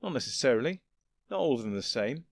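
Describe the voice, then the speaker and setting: A man's voice: mid-range voice, big pitch swings, fast. A man reading a story voices a sly, cocky male guild leader with a cool, smug manner. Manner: smug, coolly challenging.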